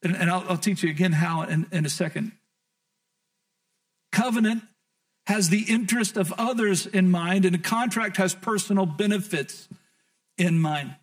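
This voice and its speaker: A middle-aged man preaching a sermon as a pastor, with animated delivery and stammering restarts. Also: high voice, normal speed, long pauses. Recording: voice from a distance.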